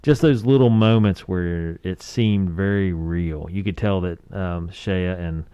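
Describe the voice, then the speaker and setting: A man in his forties from West Virginia spins a laid-back story on a movie podcast, chuckling as he goes. His voice sits very low. The sound is dry and close, with no room around it. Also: a little slow, dark tone, smooth, dry recording, dull audio. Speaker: podcast co-host. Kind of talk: casual movie review chat.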